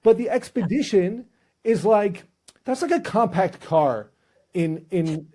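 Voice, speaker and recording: A man's voice: high-pitched, lively intonation, takes it slowly, warm tone. A male podcast host interviewing guests, telling a humorous story with casual restarts.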